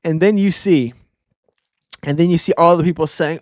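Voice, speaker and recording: Excitable slangy man, dry close sound. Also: a little high, normal speed, no echo. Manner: excitable, slangy, keeps tagging "all right?". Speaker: manga reviewer. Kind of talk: casual reaction commentary.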